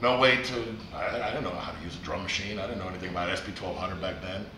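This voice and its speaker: A man's voice: deep voice, fast talker, bright, forceful tone. A man DJ in a casual interview, joking and swearing as he acts out dialogue in his stories. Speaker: DJ guest. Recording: echoey room, slightly distant, faint noise.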